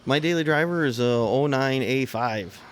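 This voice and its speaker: Man, Michigan accent, mid pitch, laid-back, dry humor, podcast co-host. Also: normal speed, a little hiss or hum. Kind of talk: casual chat.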